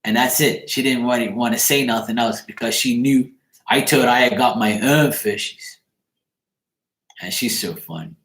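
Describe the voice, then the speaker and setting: Chat host, man, mid-pitched voice, casual and animated, swears freely; echoey room. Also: normal speed. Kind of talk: casual storytelling.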